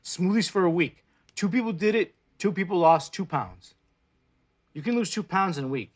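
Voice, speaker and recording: On an indoor livestream, a plant-based food vlogger from Mexico in his forties, a native Spanish speaker, gives blunt pep-talk advice and swears freely. His high-pitched voice moves with lively intonation at a normal speed.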